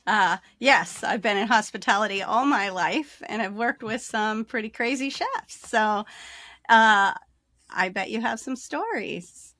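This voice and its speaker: A woman hosting an interview, upbeat and quick to laugh. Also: mid-range voice, expressive, pushed and bright, no room sound. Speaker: host.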